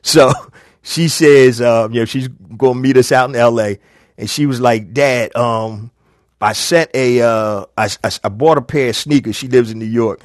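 A middle-aged man gives business advice on a live show in an easy, chatty way. He tells stories and acts out bits of dialogue. His voice sits at an average pitch, and the recording is dry and close. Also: normal speed, dry recording. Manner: casual, chatty, storytelling with quoted dialogue. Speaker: business coach host.

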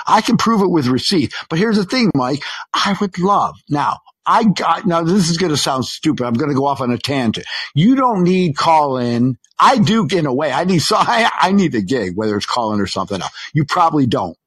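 Husky-voiced rambling New caller. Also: male voice, a little high, lively intonation, brisk, fairly bright tone. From New York. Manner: rambling, stops himself mid-sentence, swears. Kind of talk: heated call-in argument.

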